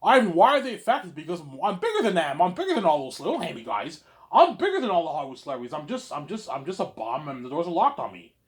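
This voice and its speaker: A man rambling in a monologue to his audience, boastful and repetitive, tagging his lines with "obviously" and dropping from loud claims to mumbled asides. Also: fairly high pitch, huge pitch swings, fast, few pauses. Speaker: vlogger.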